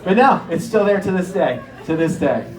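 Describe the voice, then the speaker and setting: High voiced guy doing stand-up, super lively, echoey room. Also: moderate pace. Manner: animated, incredulous storytelling with acted-out bits. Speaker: stand-up comedian. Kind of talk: stand-up comedy set. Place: comedy stage before a live audience.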